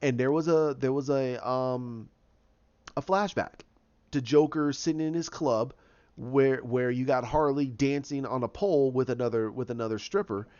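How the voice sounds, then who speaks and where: A man's voice: mid-range voice, moderate pace, darkish tone, clear, resonant tone. A man giving his casual opinions, rambling with frequent restarts and acting out quotes. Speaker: video host giving opinions. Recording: dull lo-fi recording.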